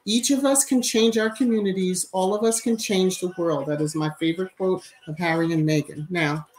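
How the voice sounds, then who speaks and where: A woman's voice: lowish voice, fairly even intonation, moderate pace, darkish tone, low-quality recording. A woman hosting a casual live stream, greeting viewers by name and chatting emphatically. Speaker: YouTube livestream host. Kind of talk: casual live-chat commentary.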